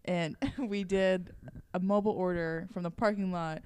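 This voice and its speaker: A woman's voice: lowish voice, fairly even intonation, normal speed, darkish tone, clear, resonant tone. A young woman co-hosting a casual podcast, telling a story with frequent giggles. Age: young adult. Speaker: co-host, desk assistant.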